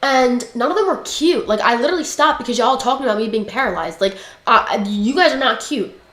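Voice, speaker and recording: A woman's voice: on the high side, expressive, fairly quick, fairly bright tone. A young woman telling a story in a casual, blunt, chatty way, swearing freely as she talks. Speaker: livestream guest. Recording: roomy echoey room.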